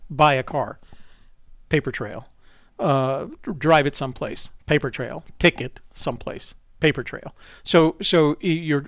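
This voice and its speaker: Gravelly-voiced man hosting a call-in show. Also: a little high, no echo, clean studio sound. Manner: chatty, rambling, self-correcting. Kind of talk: casual live call-in chat.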